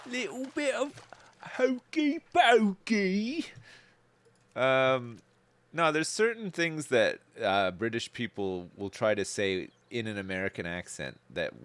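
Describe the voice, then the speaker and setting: A Canadian man talking loosely on a live game stream, his low voice swinging up and down as he rambles. He is laid-back and casual, swears without a second thought, and often breaks into chuckles. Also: background noise. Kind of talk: casual live-stream chat while gaming.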